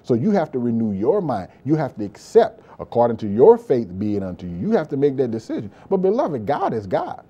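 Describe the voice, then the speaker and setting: A man's voice: mid-range voice, huge pitch swings, brisk, hardly any pauses, warm tone, husky, lo-fi sound. A male pastor preaching a sermon with impassioned repetition, often calling out to listeners as beloved. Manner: impassioned preaching, frequent "beloved" and "praise God", repetitive emphasis.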